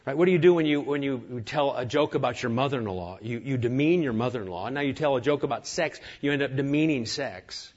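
A man's voice: medium pitch, a little fast, hardly any pauses, darkish tone, muffled recording. A man preaching a sermon as pastor, earnest and emphatic, piling up lists of words.

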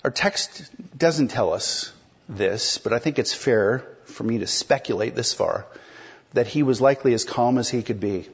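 A man's voice: medium pitch, unhurried, husky, highs cut off. A man preaching an expository sermon in a conversational way, explaining a text and putting questions to the congregation. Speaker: pastor.

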